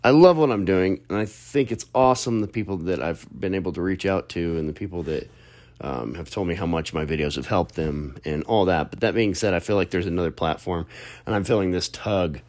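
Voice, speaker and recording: A man's voice: sits low, normal speed, a little mellow. A young adult man and content creator, talking in a casual, chatty monologue full of restarts and fillers.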